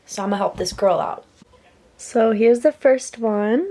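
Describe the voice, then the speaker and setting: A tired young woman chatting casually in a vlog, emotional and quick to laugh. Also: fairly high pitch, warm tone. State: tired from no sleep. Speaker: vlogger.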